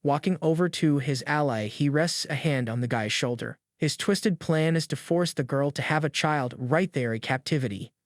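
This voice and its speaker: A man's voice: on the high side, normal speed, hardly any pauses, no room sound, clean studio sound. A man narrating a comic story recap in a hyped, scripted storytelling style.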